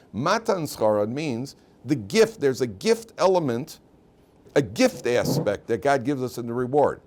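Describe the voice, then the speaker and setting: A man, a rabbi, teaching a weekly class in an animated storytelling manner, often restarting and repeating words. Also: medium pitch, normal speed. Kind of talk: storytelling lecture. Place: yeshiva classroom.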